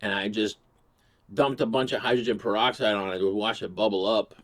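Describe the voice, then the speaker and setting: A man's voice: on the low side, fairly even intonation, brisk. Profane man telling a rambling story. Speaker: host. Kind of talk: casual comedic storytelling.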